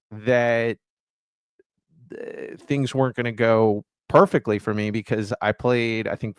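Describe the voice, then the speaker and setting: A man's voice: mid-range voice, smooth, dry recording. A man co-hosting a fantasy football show, talking in a loose, rambling way with many restarts and fillers. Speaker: fantasy football podcast co-host. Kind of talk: casual chat.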